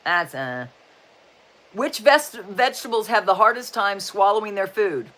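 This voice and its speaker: Chatty and folksy, this livestream host in her sixties trades corny jokes with an upbeat air and keeps saying "just saying." She speaks unhurriedly in a mid-range, slightly bright voice with lively intonation.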